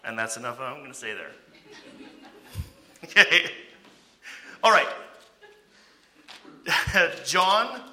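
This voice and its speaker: A man with a higher-than-usual voice and a very sharp, bright edge leads a Bible study. He talks it through conversationally, checking in with "okay?" and throwing out rhetorical questions.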